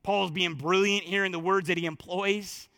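A male pastor preaching a sermon in church, emphatic, swinging from loud declarations to hushed, near-whispered lines. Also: high-pitched, steady tone, normal speed, creaky, no room sound, clean studio sound.

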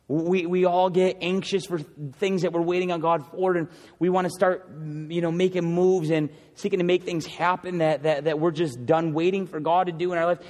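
A man preaching a sermon, earnest and pleading, dropping from loud, fast lines to hushed ones. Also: a little high, long reverb tail.

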